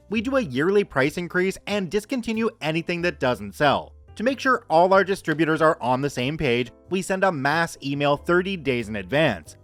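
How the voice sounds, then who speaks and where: Lively man narrating a story. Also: fairly high pitch.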